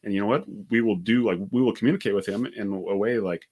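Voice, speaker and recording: A man co-hosting a podcast and telling stories in a casual chat, talking quickly with many fillers. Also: lowish voice. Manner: fast, animated, many "like" fillers. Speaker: podcast co-host.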